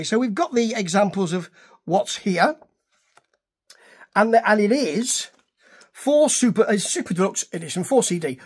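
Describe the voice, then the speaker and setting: Speaking to camera, a man reviews music in a chatty, digressive style, correcting himself along the way as he casually rambles. His voice is high and husky.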